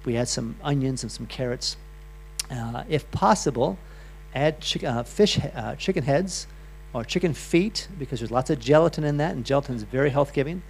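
A man's voice: medium pitch, lively intonation, normal speed, a little mellow, slight background noise. A middle-aged man giving a loose, chatty health talk to a live audience, full of restarts and asides. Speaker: health speaker.

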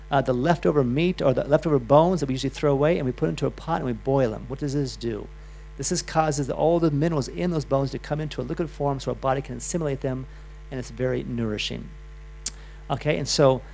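A man's voice: fairly high pitch, vocal fry, darkish tone. A middle-aged man giving a loose, chatty health talk to a live audience, full of restarts and asides. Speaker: health speaker.

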